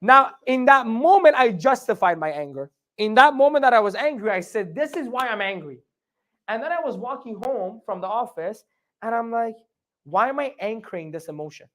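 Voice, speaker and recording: A man giving a live motivational training talk, animated, often asking the audience questions and acting out his own inner dialogue. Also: very high-pitched, normal speed. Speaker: motivational speaker.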